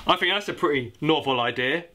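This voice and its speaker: A young British man rambles awkwardly through a comedy sketch, selling his own book with clumsy asides. His voice sits a little high and sounds bright and forceful. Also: a little fast. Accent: British English. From Britain. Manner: rambling, awkward, self-promoting. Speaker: comic playing a self-published author.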